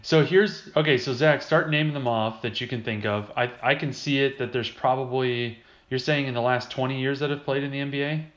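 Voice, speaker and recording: A man's voice: mid-range voice, fairly even intonation, brisk, a bit bright. A male podcast host chatting loosely about basketball, reading numbers from a list and chuckling as he goes. His voice sits in a roomy space, and the recording has a muffled, lo-fi tone. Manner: reads out stats, chuckles often. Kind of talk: casual sports chat. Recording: roomy, dull lo-fi sound.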